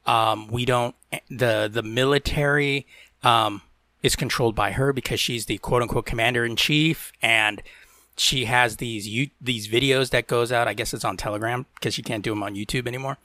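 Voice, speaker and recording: A man's voice: mid-range voice, steady tone, normal speed, sharp tone, no echo, studio quality. A man co-hosting a podcast, telling stories in casual chat, often laughing and mimicking people in a raised voice. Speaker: podcast co-host.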